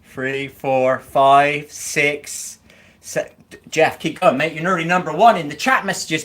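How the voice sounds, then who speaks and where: A man's voice: on the high side, steady tone, a little slow, a bit bright. A man chatting casually on a live stream, teasing viewers with banter and frequent chuckles.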